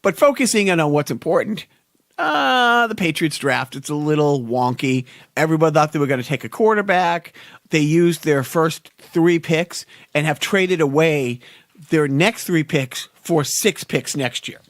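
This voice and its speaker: A man's voice: fairly high pitch, expressive, normal speed, a bit bright, dry recording, studio quality. Sardonic man hosting a podcast. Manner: sardonic, ranting. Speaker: podcast host. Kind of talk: casual chat.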